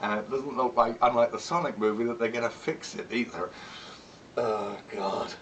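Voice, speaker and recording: A man's voice: medium pitch, fairly even intonation, normal speed, fairly bright tone, distant mic, slight background noise, low-quality recording. A man chatting casually in a vlog, rambling and candid, swearing often and laughing between remarks. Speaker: vlogger.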